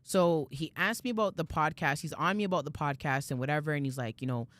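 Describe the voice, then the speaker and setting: A woman's voice: sits low, fast, dry recording. A woman, co-hosting a podcast and telling a story in casual chat, slangy and swearing freely. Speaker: podcast co-host.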